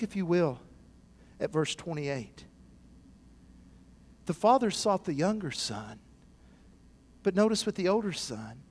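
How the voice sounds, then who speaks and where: There's a breathy edge to this male pastor's sermon voice. He drops into quiet, low passages, rises to loud, excited shouting, and acts out the figures in the parables.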